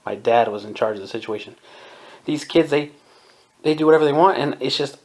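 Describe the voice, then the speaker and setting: Speaking fairly quickly at a medium pitch, a Southern Californian man in his 20s hosts a podcast, airing his views in a relaxed monologue. He's opinionated, laughs a lot, and imitates people whenever he quotes them.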